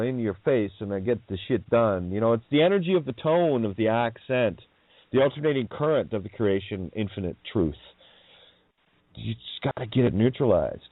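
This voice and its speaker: A man's voice: medium pitch, no echo. A male radio host in a casual rambling monologue, chuckling often and swearing as he riffs on wordplay. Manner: laughs often, profane, wordplay-heavy. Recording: dry tinny phone-like line.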